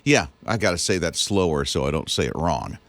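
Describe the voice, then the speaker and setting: A man's voice: deep voice, no echo. A man co-hosting a morning radio show who jokes and reacts playfully, recorded in a radio studio. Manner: playful, expressive and quick to react. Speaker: radio co-host.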